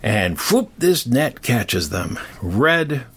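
A man's voice: mid-range voice, takes it slowly, slightly rough. An older man telling a myth in a casual, rambling way, often wandering into asides. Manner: rambling, digressive, animated. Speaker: storyteller. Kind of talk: casual storytelling.

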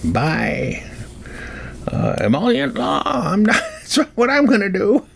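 A man's voice: high voice, huge pitch swings, takes it slowly, gravelly, fairly bright tone, slightly rough, voice pushed up, full character voice. A man putting on a cackling old Wild West codger drawl. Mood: folksy. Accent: put-on Old West movie drawl. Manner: folksy, chuckling, rambling with slips. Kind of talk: comic impression.

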